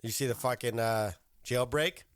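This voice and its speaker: A man's voice: mid-range voice, normal speed. A man co-hosting a podcast, telling stories in a profane, casual way. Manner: profane, animated storytelling. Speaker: podcast co-host. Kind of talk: casual chat.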